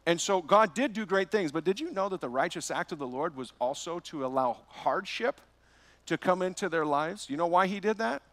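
A man's voice: sits high, lively intonation, normal speed, fairly bright tone, dry recording. A man preaching a verse-by-verse sermon as pastor, telling a personal story with rhetorical questions.

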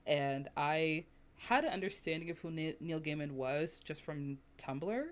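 A woman's voice: low-pitched, measured pace. Giggly chatty podcast host woman. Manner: chatty, laughs often, lively quoted asides. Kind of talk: casual podcast chat.

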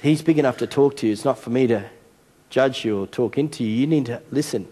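A man's voice: medium pitch, fast, mellow, slightly rough. A middle-aged man preaching a sermon as a senior pastor, telling a story and acting out a game. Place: large church hall. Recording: long church hall reverb.

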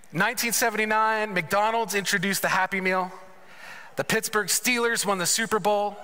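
A man's voice: high-pitched, sharp tone. A man preaching a conference sermon that mixes personal testimony with conversational storytelling and humorous asides, in a large church sanctuary. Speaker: conference speaker. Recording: reverberant church hall.

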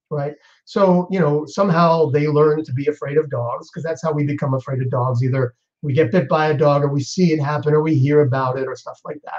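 A man's voice: on the high side, darkish tone. A male psychologist speaking on an online panel, thoughtful and hesitant with frequent restarts. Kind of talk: online panel answering questions. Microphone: video call. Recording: dull lo-fi video call audio.

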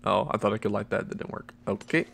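A teenage boy hosting a let's play, chatty and muttering, with excited squeals. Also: fairly low pitch, fast talker, gravelly, a little hiss or hum. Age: teens. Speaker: gaming channel host.

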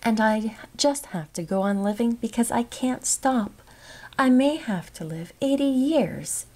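A lonely, despairing young woman, voiced by a woman reading aloud, dreading the long years ahead. She speaks slowly and heavily with a strained lift in pitch. It is a storybook figure read with quiet anguish. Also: animated. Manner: slow, despairing. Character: lonely, dreary young woman of twenty-nine.

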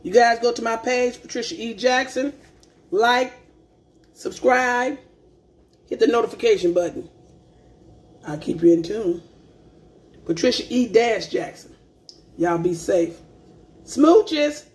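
A woman's voice: a little high, fairly even intonation, unhurried, long pauses, darkish tone. Folksy woman chatting while eating leftovers. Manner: folksy, chatty, calls viewers baby and family; tastes food while talking, hums with mouth full. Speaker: cooking vlogger. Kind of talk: casual chat to camera.

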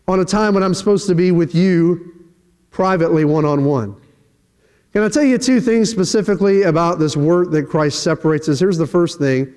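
A middle-aged male preacher delivers a sermon with a high-pitched voice. He is animated and slips into little voices when he acts out quoted dialogue. His words ring with the long reverb of a church hall. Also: normal speed. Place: church sanctuary.

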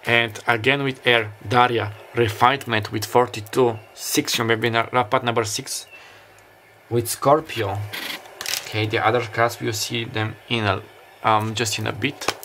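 Guy doing a tarot reading, halting and musing, soft beach sounds in the back. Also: medium pitch, steady tone, background noise. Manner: musing, halting, many fillers and restarts. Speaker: tarot reader. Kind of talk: pick-a-card tarot reading. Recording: faint beach ambience behind. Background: summer beach ambience sounds.

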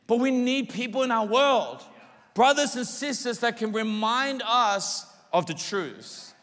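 Male pastor, high bright voice, lively sermon delivery, long church-hall reverb. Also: unhurried. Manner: animated, acts out voices of people.

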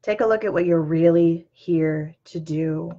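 A woman's voice: lowish voice, unhurried, warm tone. A woman in her thirties hosting a motivational talk, earnest and conversational, with many ums and you-knows. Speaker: host. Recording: dull lo-fi sound.

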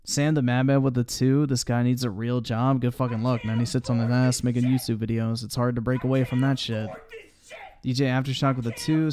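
A man's voice: mid-range voice, level tone, brisk, a little mellow. A man commenting on a video during a live stream, mocking it sarcastically with heavy swearing and reading viewer chat aloud.

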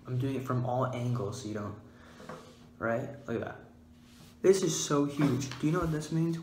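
A man hosting a mock-scientific comedic vlog, playful and goofy, giggling and breaking into sudden loud, high outbursts. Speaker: vlogger. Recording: roomy echo, faint background hiss.

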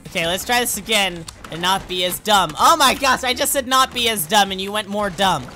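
Young male gamer, high bright voice, jumpy self-talk, faint game music behind. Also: fairly quick. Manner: excitable, yelps and shouts at fails; self-talking, rambling asides. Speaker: let's play gamer. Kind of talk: casual gameplay commentary.

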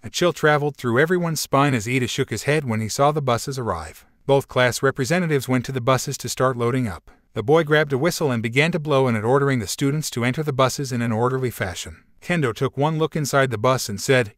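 Guy reading a fanfic aloud, mid pitch, super dry close mic. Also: a little fast, few pauses, no room sound. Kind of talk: storybook narration.

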